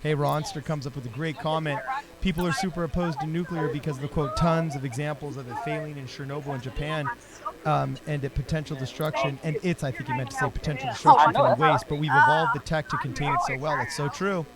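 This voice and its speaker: Over a noisy crowd, a man co-hosting a casual political live stream jokes around and reads viewer comments aloud. He talks fast in a slightly high voice.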